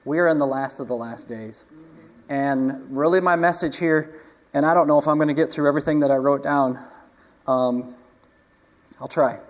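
Conversational preacher in a reverberant hall. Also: male voice, on the high side, normal speed, pauses often. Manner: conversational, rhetorical questions to the congregation. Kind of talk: sermon. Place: church hall.

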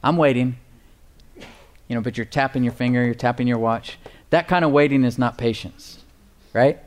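A man preaching a sermon, slowing down to stress key phrases and calling for responses from the congregation. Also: mid-range voice, steady tone. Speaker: pastor.

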